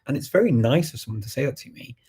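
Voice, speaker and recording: A middle-aged man with a medium-pitched, husky, slightly mellow voice talks fast and expressively. He hosts a language-learning show, answering viewer questions in a casual live Q&A, conversational and emphatic, with many restarts and laughs.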